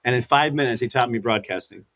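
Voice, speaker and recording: Speaking quickly in a medium-pitched voice, this guest, a former fighter and commentator in his fifties, livens up a casual interview with animated stories. He acts out quotes and laughs a lot.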